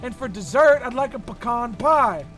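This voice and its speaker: A woman voicing a man ordering food in a put-on Southern US accent with a slow, exaggerated drawl. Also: fairly high pitch, lively intonation, a bit bright.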